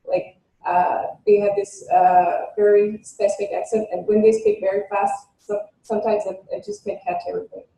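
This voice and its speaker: A French-accented woman talks as a guest author, pausing often and searching for her words. Her voice is mellow and dark. The recording carries a noticeable room echo. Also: medium pitch, sing-song, gravelly, a little hiss or hum. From France. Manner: hesitant, lots of filler pauses. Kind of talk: casual interview chat.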